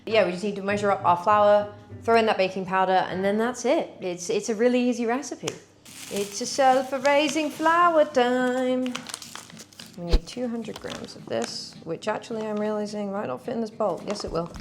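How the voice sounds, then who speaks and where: A woman's voice: mid-range voice, brisk, slight background noise. A woman chatting casually to viewers as she bakes in a cooking vlog. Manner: chatty, talks to viewers while working. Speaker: cooking vlogger.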